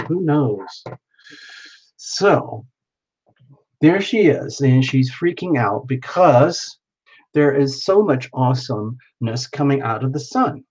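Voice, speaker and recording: A man's voice: mid-range voice, lively intonation, slow, a little mellow, slightly rough. A playful man chatting with his live viewers as he paints, narrating each step with frequent exclamations. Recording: dull lo-fi sound.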